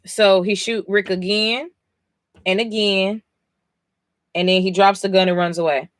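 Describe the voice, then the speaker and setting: A woman's voice: mid-range voice, fairly even intonation, a little slow, dry recording. A sleepy woman streamer reacting live as she reads a comic, blunt, profane and exasperated. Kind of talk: casual live reading reaction.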